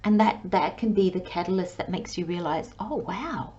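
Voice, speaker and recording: A woman giving a channelled tarot reading in a soft, dreamy way, often dropping into a hushed whisper. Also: lowish voice, steady tone, fairly quick, muffled recording. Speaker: tarot reader.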